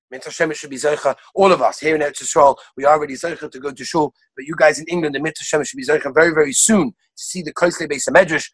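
A man teaching a Torah class over a video call, reeling off sources one after another in an animated way. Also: a little high, slightly rough, no room sound, low-quality recording. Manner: rapid-fire listing of sources, animated. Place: lives in Israel.

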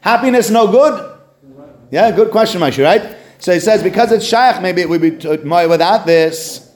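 A man giving a weekly religious text class in an animated, conversational way, acting out the quotes. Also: sits high, moderate pace. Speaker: religious teacher. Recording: roomy echo.

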